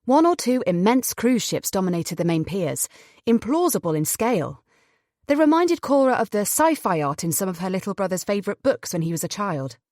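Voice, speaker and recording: Woman narrator for a thriller audiobook, lively pitch, dry close mic. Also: brisk, dry recording.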